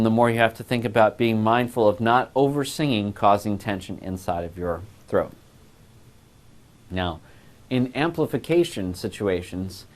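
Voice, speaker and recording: A male voice class instructor giving a recorded lecture on a lapel mic, explaining patiently and step by step. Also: lowish voice.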